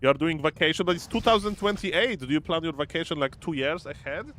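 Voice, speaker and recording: A man's voice: fairly high pitch, fast talker, a bit bright. A young man casually casting a strategy game on a live stream, playful and chatty, calling out exclamations and reading viewer messages aloud. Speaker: esports caster and streamer.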